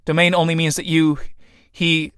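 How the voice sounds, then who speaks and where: A man's voice: a little high, flat delivery, normal speed, a bit bright, clear, resonant tone, no room sound, clean studio sound, lightly acted. A man voicing a polite, hesitant male engineer in a read-aloud play.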